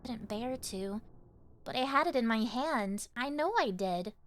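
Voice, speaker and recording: A woman voicing a frightened, anxious teenage schoolgirl in a game, speaking in a soft, hushed, shaky way. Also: a little high, lively intonation, unhurried, a little hiss or hum. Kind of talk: reading game dialogue aloud.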